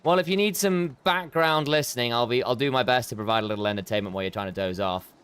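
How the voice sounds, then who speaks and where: A man's voice: medium pitch, fast talker, fairly bright tone, clean tone. A man casually chatting with viewers while he plays and streams a game. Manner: chatty, talks to viewers between game actions. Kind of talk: casual chat while gaming.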